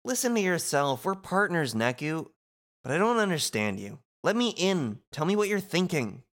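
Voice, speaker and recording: A man's voice: on the high side, very animated, moderate pace, a bit bright. A man co-hosting a casual podcast, reading game dialogue aloud with a dry, teasing manner. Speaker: podcast co-host.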